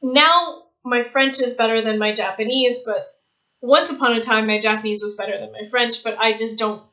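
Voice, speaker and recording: A woman's voice: on the high side, fairly even intonation, normal speed, pushed and bright, lo-fi sound. A woman from Canada with a Canadian accent, chatting casually on her vlog, self-mocking and laughing often, switching between English, French and Japanese. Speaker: vlogger.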